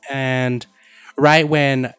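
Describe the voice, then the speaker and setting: A man's voice: medium pitch, level tone, extremely slow, fairly bright tone, clean tone, no echo, faint music behind. A man hosting a podcast, casually retelling a story with lots of swearing and quoted voices. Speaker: podcast host.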